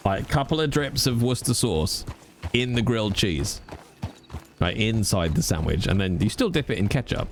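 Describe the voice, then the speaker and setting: A man's voice: fairly low pitch, expressive, moderate pace, a little hiss or hum. Playful, sweary man. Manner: playful, sweary, rambling banter. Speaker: streamer. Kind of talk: casual chat with viewers.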